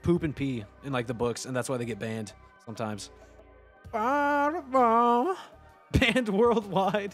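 Excitable guy streaming a game, kinda high voice that jumps around a lot, laughs and swears constantly. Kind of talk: casual gaming livestream chatter.

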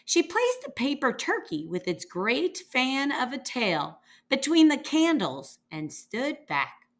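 A woman reading a children's picture book aloud, slowly and expressively, giving the animals their own voices. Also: high voice. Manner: lively character voices, slow and expressive. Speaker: reader.

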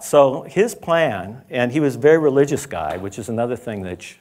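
A man's voice: mid-range voice, animated, a little fast, few pauses, darkish tone. A man giving a conference lecture, telling an anecdote in a loose, conversational way, with restarts and asides. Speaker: conference speaker. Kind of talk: storytelling lecture. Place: school conference talk.

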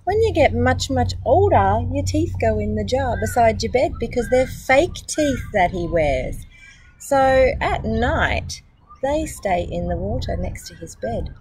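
A woman's voice: fairly high pitch, big pitch swings, a little slow, darkish tone, slight background noise, rough recording. An Australian woman hosting a storytime, reading a picture book aloud with chatty, exclamatory asides to young listeners. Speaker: storytime host.

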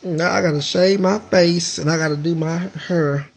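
A woman's voice: fairly low pitch, fairly even intonation, moderate pace, vocal fry, a little hiss or hum. Rambling, profane woman live-streaming from home. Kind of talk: casual live-stream chat. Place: indoors at home.

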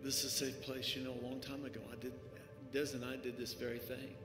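Pleading pastor in an echoing church. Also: male voice, medium pitch, level tone, fast, over music. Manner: pleading, repetitive urging, rising to shouts. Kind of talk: altar call sermon. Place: church sanctuary with live music. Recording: echoey hall, live stream.

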